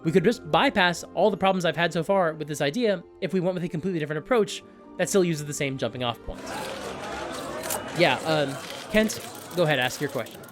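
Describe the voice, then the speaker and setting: A man hosting a tabletop gaming video, talking through his thinking in an animated, self-questioning way. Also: fairly high pitch, a little fast, over music. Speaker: YouTube host.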